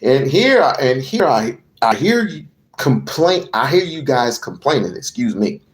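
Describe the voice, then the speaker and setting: A man's voice: mid-range voice, very animated, a little slow. A man giving a heated political rant to camera, profane and emphatic, hammering on repeated phrases. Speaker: political commentator.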